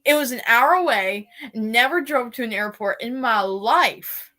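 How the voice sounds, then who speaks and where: A woman from the United States co-hosting a live stream and telling a story in a chatty, animated way. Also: on the high side, a little slow. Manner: chatty, animated storyteller who laughs easily. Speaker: co-host. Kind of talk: casual conversation on a live stream.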